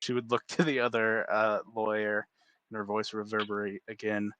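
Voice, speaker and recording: A man's voice: fairly low pitch, monotone, normal speed, fairly bright tone, clear, resonant tone, dry recording. A man narrating as game master of a tabletop game, descriptive and laughing often.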